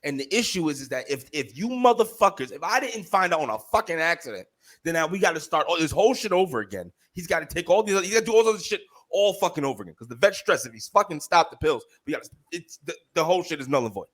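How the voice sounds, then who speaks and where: A man co-hosting a podcast, telling a story in casual chat, profane and heated, animated as he goes. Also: fairly high pitch, fast talker. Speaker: podcast co-host.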